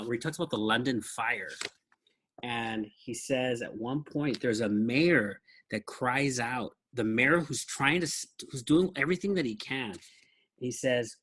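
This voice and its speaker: Guy hosting a book podcast, mid pitch, easygoing and thoughtful. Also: a bit bright, husky. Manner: thoughtful, shows and discusses books. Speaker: podcast host. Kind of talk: casual book chat.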